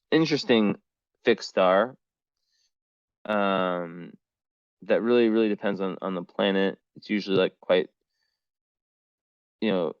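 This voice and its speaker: A man's voice: low voice, clean tone, dry recording, dull audio. A man reading astrology charts in a casual, rambling way, full of fillers and the odd swear word.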